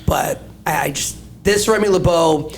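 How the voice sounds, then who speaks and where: A man's voice: on the high side, a little slow, creaky, slight background noise. A man co-hosting a casual movie talk, often restarting and repeating words before his point. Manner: hesitant, repeats words when starting. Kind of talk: casual chat.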